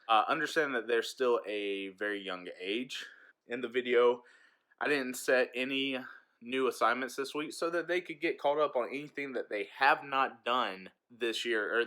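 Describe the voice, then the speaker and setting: A man's voice: mid-range voice, sharp tone. A man who teaches eighth grade, chatting frankly and telling stories in a casual vlog into a handheld phone.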